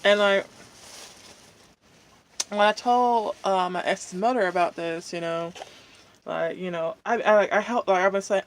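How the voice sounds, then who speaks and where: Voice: mid-range voice, steady tone, a little hiss or hum. A vlogger, chatting casually while eating at home, venting in a rambling way full of fillers. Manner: rambling, drawn-out, many fillers. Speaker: mukbang vlogger.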